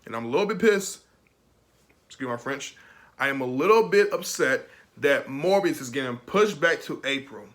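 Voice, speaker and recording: A man's voice: mid-range voice, expressive, normal speed, fairly bright tone. A young man giving a casual, rambling film review, emotional and laughing often.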